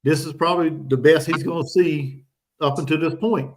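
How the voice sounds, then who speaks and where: Man, fairly high voice, halting host breaking down a football matchup. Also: fairly even intonation, slight background noise. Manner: hesitant, restarts a lot, full of ums. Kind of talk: casual sports chat.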